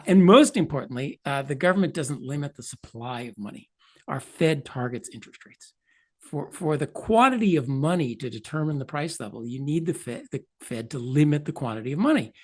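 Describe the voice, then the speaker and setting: An older man explains ideas as an interview guest. His pitch swoops widely as he stresses points. He drops in wry, offhand asides. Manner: animated, emphatic, wry asides. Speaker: economist guest.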